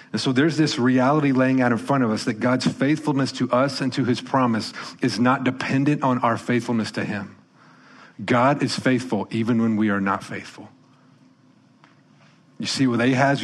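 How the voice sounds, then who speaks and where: A man preaching a sermon as pastor, conversational and emphatic, swinging between loud punches and soft, quiet lines. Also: mid-range voice.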